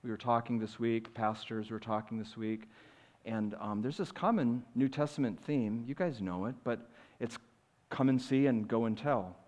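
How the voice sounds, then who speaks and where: A male pastor preaching a sermon in a church, earnestly swinging between loud emphasis and quiet, confiding asides. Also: medium pitch, moderate pace. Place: church sanctuary. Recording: long reverb of a large hall.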